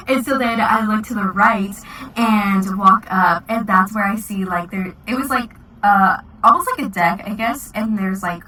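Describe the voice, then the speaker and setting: A woman's voice: medium pitch, sharp tone, recorded from a distance, rough recording. A woman in her twenties telling a casual storytime vlog, chatty and full of "like" fillers. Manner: chatty, many "like" fillers, giggly. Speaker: vlogger.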